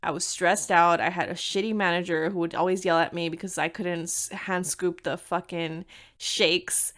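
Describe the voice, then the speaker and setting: A woman's voice: fairly low pitch, steady tone, normal speed, a bit bright. A young adult woman hosting a podcast. She tells a personal story in a candid, chatty way, swearing freely and slipping in Spanish phrases. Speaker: podcast host. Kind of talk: casual storytelling monologue.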